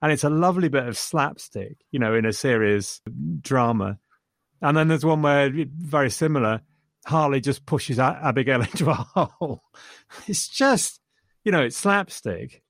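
A man's voice: medium pitch, animated, moderate pace, dry recording, studio quality. A man discussing a film with enthusiasm, retelling funny scenes and chuckling as he goes. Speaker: film reviewer.

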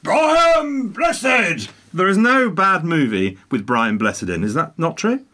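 A man chatting at length about a favourite film, talkative and jokey, with animated emphasis. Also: a little high, normal speed. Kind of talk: casual film chat.

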